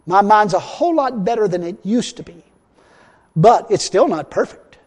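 A man preaching a sermon in a folksy way, repeating himself and swinging between loud and hushed. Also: high voice, lively intonation, normal speed. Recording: long hall reverb.

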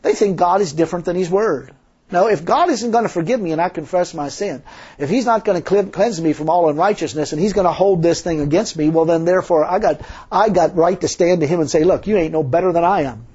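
A man's voice: high-pitched, brisk, darkish tone, breathy edge. A man preaching a sermon in a folksy, emphatic way, full of rhetorical questions. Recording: dull lo-fi sermon recording.

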